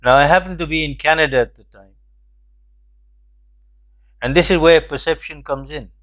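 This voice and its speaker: A somewhat high-pitched older man tells a story from his past. He speaks in a measured, reflective way and pauses to make his point. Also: a bit bright. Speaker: host. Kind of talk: storytelling commentary.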